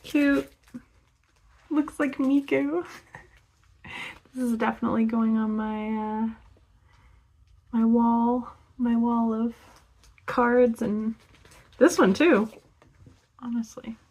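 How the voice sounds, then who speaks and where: A young woman talks very slowly through an unboxing vlog, lingering over each word. She giggles often and slips into soft gasps and whispers when something delights her. Paper crinkles around her as she opens the package. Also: on the high side, steady tone. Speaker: vlogger.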